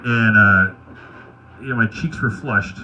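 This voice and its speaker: Male stand-up, deadpan crude storyteller, bright forceful voice, lo-fi live tape. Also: on the low side, unhurried, a little hiss or hum. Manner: wry, deadpan anecdotes with crude asides. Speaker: stand-up comedian. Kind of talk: stand-up storytelling at an open mic.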